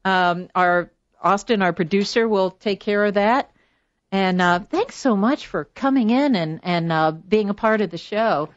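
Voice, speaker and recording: A woman hosting a radio talk show, upbeat and quick to laugh, in casual chat with a guest in the studio. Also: medium pitch, no room sound. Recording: dull, dry studio sound.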